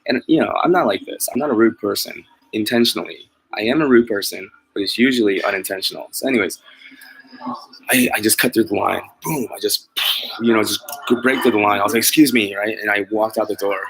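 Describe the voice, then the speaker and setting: Rambling, low-voiced man chatting to viewers. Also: a little fast, vocal fry, a bit bright, slight background noise, poor audio. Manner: rambling, self-deprecating, laughs often, many fillers and restarts. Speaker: mobile pet groomer vlogger. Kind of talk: casual chat to live viewers.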